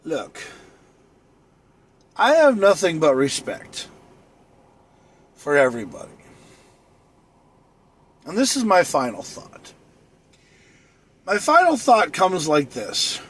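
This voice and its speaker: Slow-talking man rambling on a late-night stream. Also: on the high side, wildly swooping pitch, fairly bright tone, husky. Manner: rambling, joking, boastful. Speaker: live streamer. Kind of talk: late-night solo live stream chat.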